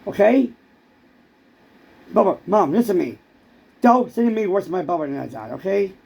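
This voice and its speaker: A man's voice: high voice, animated, moderate pace, creaky, a little mellow, breathy edge, highs cut off. A man in a rambling comic monologue who stammers and keeps repeating words.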